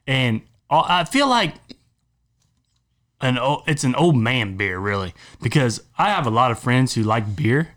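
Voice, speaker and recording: A young man co-hosting a casual podcast chat, telling rambling, animated stories with plenty of cussing. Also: mid-range voice, unhurried. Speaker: podcast co-host.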